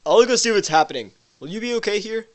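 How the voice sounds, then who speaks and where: A woman voicing a protective, quick-tempered young man in a visual novel, speaking earnestly and stumbling over words when upset. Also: mid-range voice, expressive, voice pushed up, natural voice. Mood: worried.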